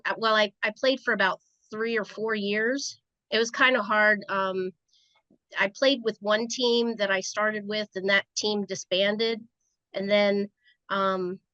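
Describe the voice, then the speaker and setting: A Rhode Island woman, appearing as a podcast guest, spins stories in a chatty, casual interview style. Her medium-pitched voice sounds pushed and bright, captured in a dry, dull lo-fi recording.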